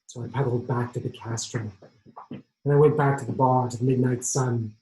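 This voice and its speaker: A man in his sixties from Arizona, performing an autobiographical stage monologue with emotional swings in volume and pitch. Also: steady tone, brisk, mellow, slight background noise. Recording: echoey room.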